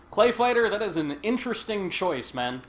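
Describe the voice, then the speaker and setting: Chatty joking man streaming a game. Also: high voice. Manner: joking, chatty, laughs often. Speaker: stream host. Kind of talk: casual gameplay commentary. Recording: faint game noise behind. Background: game sound.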